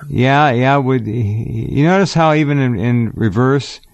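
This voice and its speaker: A man's voice: mid-range voice, vocal fry, no room sound. Dry, blunt male radio host. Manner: quick agreeing interjections, blunt opinions. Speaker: radio talk show host. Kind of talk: casual radio interview chat.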